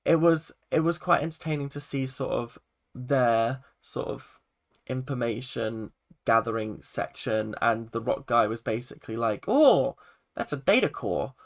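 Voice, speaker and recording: A man's voice: mid-range voice, fairly even intonation, measured pace, creaky, fairly bright tone. A young man casually reviewing a TV episode, rambling with lots of "like" and restarts. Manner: rambling, full of "like" and self-corrections. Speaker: film and TV reviewer.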